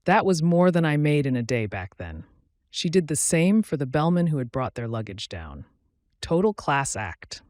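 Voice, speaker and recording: A man reading first-person stories aloud as scripted narration, in a steady, matter-of-fact way. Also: fairly high pitch, dry recording, studio quality. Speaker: story narrator.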